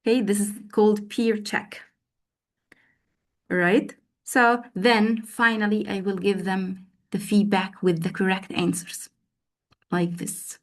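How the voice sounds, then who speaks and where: A woman's voice: mid-range voice, fairly even intonation, slow pace. Woman leading an online teaching workshop. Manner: prompting, interactive, repeats words for emphasis. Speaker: teacher trainer. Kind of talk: online teacher training session. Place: online video call.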